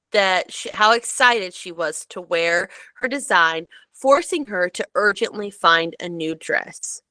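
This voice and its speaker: A woman co-hosting a podcast, recounting a story in casual chat, animated and full of "like" and "um". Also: mid-range voice, dry recording. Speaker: podcast co-host.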